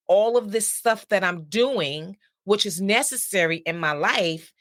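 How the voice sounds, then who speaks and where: A woman's voice: mid-range voice, animated, unhurried, no echo. A middle-aged woman, a counselor and host, telling a personal story in a chatty, casual way with lots of asides.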